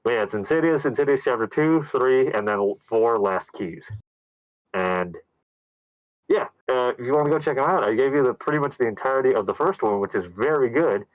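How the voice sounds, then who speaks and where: A man casually recapping a horror movie on a podcast, telling the story with lively put-on voices. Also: brisk, dry recording, muffled recording. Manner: animated storyteller, acts out characters in loud high voices. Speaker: podcast co-host.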